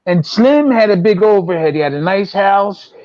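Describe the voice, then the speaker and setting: A former boxer in his sixties tells long, rambling stories casually, repeating himself and acting out quotes. His voice is high-pitched and expressive with a darkish tone at normal speed, and the recording sounds dull, dry and lo-fi.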